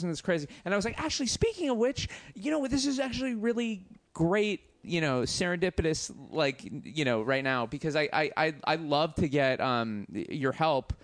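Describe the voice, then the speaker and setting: A man's voice: a little high, a bit bright, dry recording. A man telling a rambling travel story in casual chat, full of fillers and restarts, acting out the voices he quotes. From Los Angeles.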